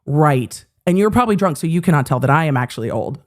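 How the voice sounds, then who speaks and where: A woman in her forties hosting a show, telling a story in casual chat, animated, swearing freely and acting out the quotes. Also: sits low, quick pace. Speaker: host.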